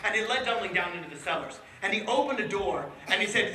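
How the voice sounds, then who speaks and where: A playful male storyteller performing a folk tale, full of animated asides. His voice is very high, bright and lively. He is heard from afar in an echoey room with faint noise behind him. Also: fast talker, hardly any pauses, distant mic. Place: indoor room with a live audience.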